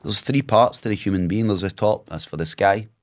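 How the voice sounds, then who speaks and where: A man's voice: fairly low pitch, brisk. A man telling vivid, swearing anecdotes in a casual chat as a guest.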